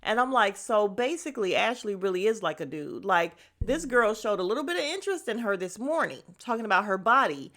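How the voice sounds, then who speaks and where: A woman's voice: medium pitch, sing-song, fairly quick, hardly any pauses, a bit bright. A woman hosting a podcast, recapping a reality show in a casual, blunt, slangy way and laughing often. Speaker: podcast host.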